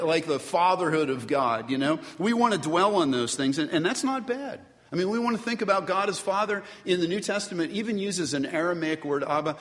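A male pastor delivers an animated sermon, talking straight to his congregation with quick asides. His voice sits a little high for a man. The sound rings with the long reverb of a large hall.

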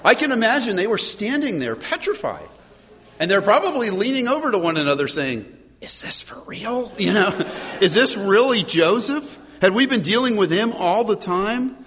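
Animated preaching man in a reverberant hall. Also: high-pitched, moderate pace. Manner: animated storyteller, chuckles, repeats words. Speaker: pastor. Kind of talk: sermon with personal storytelling.

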